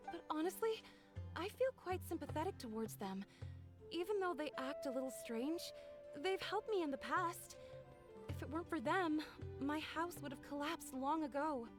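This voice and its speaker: A high, flustered village woman. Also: animated, normal speed. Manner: stammering and flustered, then chatty and sympathetic. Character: shy, kindly village woman, easily flustered. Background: game music.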